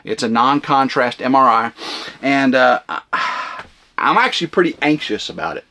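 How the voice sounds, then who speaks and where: A man hosting a vlog, rambling casually at home in a camper cabin, loud and flamboyant with lots of fillers. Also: medium pitch, sing-song, normal speed. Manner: loud, big flamboyant talker. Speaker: vlog host.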